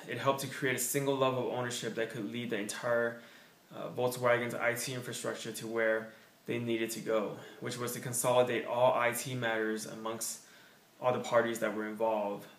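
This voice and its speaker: A man's voice: mid-range voice, reverberant, far from the mic. A man student presenting a case study, reading steadily with small fillers.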